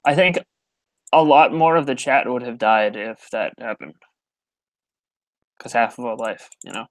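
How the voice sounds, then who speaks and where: A man's voice: medium pitch, unhurried, dry recording. A man hosting a casual livestream, chatting and joking in a dry, matter-of-fact way. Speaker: livestream host.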